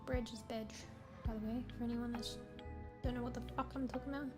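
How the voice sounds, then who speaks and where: A woman's voice: fairly high pitch, steady tone, fast. Tired woman streamer chatting playfully. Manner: rambling, playful, self-correcting. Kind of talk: casual chat with viewers. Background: game music.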